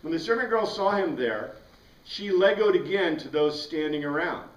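A man's voice: on the high side, animated, normal speed. A man teaching an informal Bible study class, rambling through the passage with asides and restarts. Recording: roomy sound, mic at a distance.

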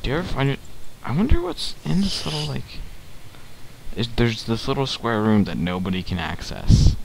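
A man's voice: mid-range voice, sing-song, normal speed, gravelly. A young man chatting casually while playing a game with friends, wondering aloud about the game. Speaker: gamer co-host. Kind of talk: casual gaming chat. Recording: noisy home game recording.

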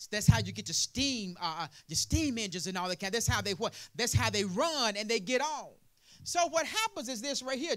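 A man preaching a sermon as pastor, throwing out "what?" prompts to the congregation and building to loud, emphatic passages. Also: high voice.

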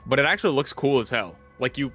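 A man hosting a casual gaming podcast, rambling and animated, swearing casually. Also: medium pitch, fast talker, faint music behind. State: out of breath. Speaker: podcast host.

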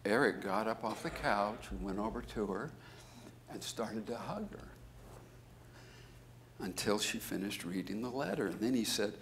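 A man, a business school professor, giving a conference keynote as an animated storyteller who jumps into high, emphatic bursts. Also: moderate pace, long pauses, a little hiss or hum.

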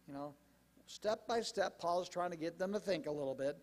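A male pastor preaches with a lively, chatty delivery, tossing asides to his congregation. His voice sits high for a man. The sound carries a long reverb from the church hall. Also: normal speed. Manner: animated, conversational preaching with asides. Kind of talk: sermon. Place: church sanctuary.

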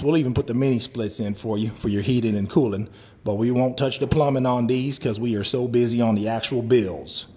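A man hosting a live-streamed sales walkthrough of a wooden cabin, a hyped-up pitchman who repeats catchphrases and lets out loud whoops. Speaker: cabin salesman and livestream host. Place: indoors, walking through a wooden cabin.

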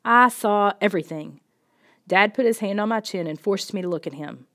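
A woman reading a children's storybook in the first person, steady and expressive. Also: medium pitch, quick pace. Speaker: audiobook reader.

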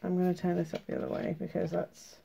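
A woman's voice: fairly low pitch, monotone, fast talker, creaky, dark tone, a little hiss or hum. A British woman with a sore throat, chatting casually and laughing while she reads out oracle cards, swearing freely. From United Kingdom. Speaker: tarot and oracle card vlogger. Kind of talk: casual card flip-through, reading cards aloud.

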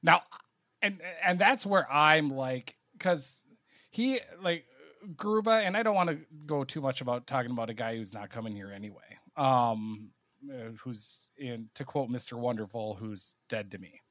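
A man co-hosting a sports podcast, chatting casually in an animated way that is full of stammered restarts. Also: mid-range voice, moderate pace, no room sound, clean studio sound. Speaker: podcast co-host.

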